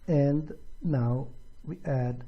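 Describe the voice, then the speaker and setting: A man teaching a grammar lesson slowly and deliberately, pronouncing each example with care. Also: mid-range voice, fairly even intonation, breathy edge, muffled recording. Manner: slow, deliberate, careful pronunciation of examples. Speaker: language teacher. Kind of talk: slow explanatory grammar lesson.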